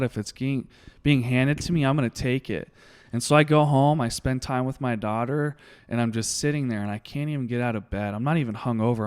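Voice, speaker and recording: A young man with a smooth, resonant voice at a middling pitch tells a raw personal story as an interview guest. He talks haltingly, restarting lines and searching for words. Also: a little mellow. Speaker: guest, former hotshot firefighter.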